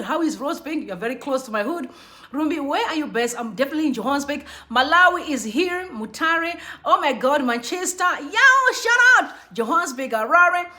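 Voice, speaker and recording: Bubbly, bright-voiced young woman live-streaming. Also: high voice. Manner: bubbly, chatty, shouts out viewers by name. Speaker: livestream host. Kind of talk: casual live-stream chat greeting viewers. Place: Johannesburg.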